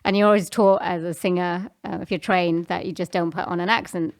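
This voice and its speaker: A woman's voice: fairly low pitch, fairly even intonation, brisk. A Welsh woman, a jazz singer, chatting as a guest on a live podcast and laughing often. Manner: laughs often, self-deprecating. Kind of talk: casual podcast chat. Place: live recording at a house venue.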